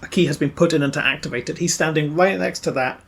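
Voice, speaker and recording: Game master describing a dark scene. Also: mid-range voice, fast, creaky, slightly rough. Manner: matter-of-fact scene description. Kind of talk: narrating a tabletop game.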